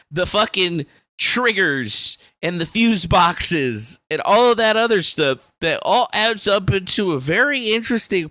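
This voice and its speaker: A man's voice: high-pitched, pushed and bright, no echo. A young man hosting a livestream, ranting in a casual, profane and rambling way from a small room. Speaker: livestream host. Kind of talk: casual political rant.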